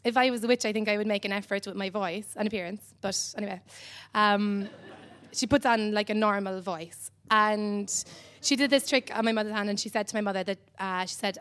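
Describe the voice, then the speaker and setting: An Irish woman from Ireland doing stand-up comedy on a club stage, rambling and dry with many pauses and "um"s. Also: medium pitch, steady tone, a bit bright.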